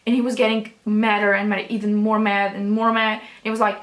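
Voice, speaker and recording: A young woman tells a storytime vlog in a loose, rambling way, restarting sentences and swearing casually. Her voice sits a little high, and the room around her is noticeably echoey. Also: fairly even intonation, fast talker, hardly any pauses, fairly bright tone. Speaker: vlogger.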